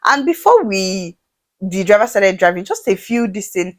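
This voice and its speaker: Animated Nigerian woman telling a story. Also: medium pitch, normal speed. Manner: animated, acts out dialogue in shifting voices. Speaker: vlogger. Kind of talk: storytime vlog.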